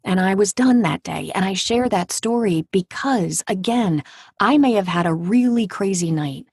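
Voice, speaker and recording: A woman in her forties, an actor and audiobook narrator, telling a personal story in an interview with vivid, dramatic delivery that drops to a hush at tense moments. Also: mid-range voice, expressive, normal speed, husky, no echo, studio quality. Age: 40s.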